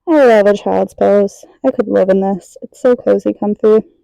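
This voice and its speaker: Working through poses on a yoga mat in an indoor room, a young instructor chats casually and self-deprecatingly, slightly breathless. She has a medium-pitched, dark voice with vocal fry, a moderate pace and no echo.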